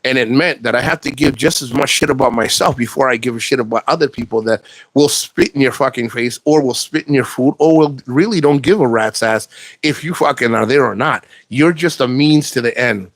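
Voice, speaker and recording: A man's voice: mid-range voice, a little fast, dry recording. A man talking casually to camera in a blunt, profane, rambling way, restarting his sentences often. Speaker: vlogger.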